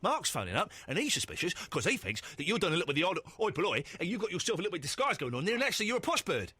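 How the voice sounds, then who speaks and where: A man's voice: high voice, sing-song, racing, pushed and bright, husky. A male radio host in a put-on common London accent, brash and mock-aggressive in comic phone-in banter in a studio. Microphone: studio microphone.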